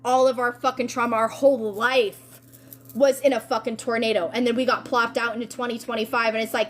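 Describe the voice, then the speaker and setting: A woman with a somewhat high voice talks through a tarot reading in a loose, chatty way. She is excitable and full of slang, and she swears freely as she goes. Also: fairly quick. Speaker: tarot reader. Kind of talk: casual spiritual reading.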